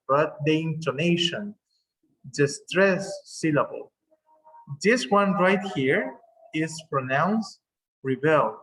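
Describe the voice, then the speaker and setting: A man's voice: fairly high pitch, a bit bright, rough recording. A man who speaks Spanish as a first language, teaching an English class on a video call in a patient manner, repeating words for emphasis.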